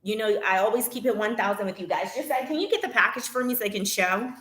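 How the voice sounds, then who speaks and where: A woman vlogger talking casually to her viewers, retelling a complaint with animated indignation. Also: mid-range voice, fast talker, roomy sound. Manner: animated, indignant retelling, reads chat aloud.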